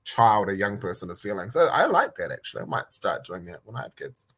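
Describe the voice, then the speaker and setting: Young NZ-man, guest on a video call, lively storyteller who acts out the quotes. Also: fairly low pitch, brisk, slightly rough. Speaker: guest, youth worker. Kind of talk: casual chat. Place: indoors, a room.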